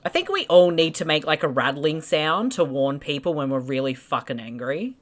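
A woman's voice: low voice, sing-song, moderate pace. A woman with a South Australian accent, chatting bluntly and swearing freely while commenting on a movie. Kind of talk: casual movie-watching commentary.

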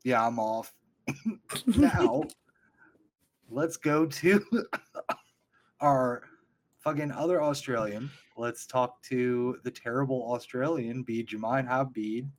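A man's voice: medium pitch, slow, pauses often, slight background noise. An American man co-hosting a podcast in casual banter, laughing at his own slip-ups. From United States. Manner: self-deprecating, laughs at his own fumbles. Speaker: podcast co-host.

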